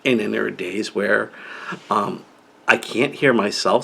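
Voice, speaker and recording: A man's voice: fairly low pitch, fairly even intonation, moderate pace, creaky, fairly bright tone, husky. A middle-aged man talking casually about living with an inner-ear condition, rambling and restarting his sentences often. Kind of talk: casual personal talk to camera.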